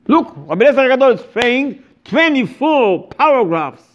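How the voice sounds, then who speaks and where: Emphatic higher-voiced man lecturing on religion. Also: normal speed, dull audio. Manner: emphatic, animated, broken English with repetitions. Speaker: rabbi giving a Torah lecture.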